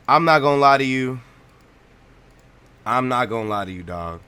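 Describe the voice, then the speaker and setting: Young guy let's play host, bright punchy voice, cussing and repeating himself, ranting about a game at his setup. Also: mid-range voice, lively intonation, moderate pace, pauses often, clean tone. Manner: blunt, profane, repeats himself when ranting. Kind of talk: gameplay reaction rant.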